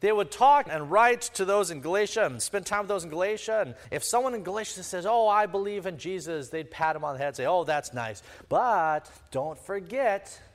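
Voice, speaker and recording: Pastor guy preaching, lively up-and-down voice, kinda high, big echoey hall. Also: quick pace, few pauses. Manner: animated, emphatic preaching with sweeping rises and drops. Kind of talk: sermon.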